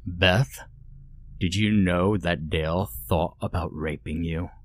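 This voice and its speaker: A man doing a soft-spoken, sinister stranger. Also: low voice, steady tone, slow, no room sound. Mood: silky menace. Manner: soft, courteous, quietly menacing. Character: sinister polite male stranger with a shark grin. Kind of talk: storytelling.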